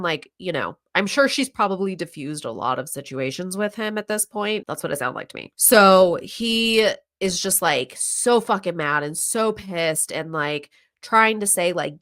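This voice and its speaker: A woman hosting a casual podcast, retelling a true crime story with lively acted-out quotes and some swearing. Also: fairly low pitch, normal speed, few pauses. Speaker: podcast host recapping a true crime show. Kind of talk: casual chat.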